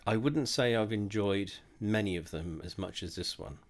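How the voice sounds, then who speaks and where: This tipsy host of a drinks tasting video speaks in a low register at a moderate speed. Drunk and self-mocking, he rambles and curses his way through a laid-back tasting monologue.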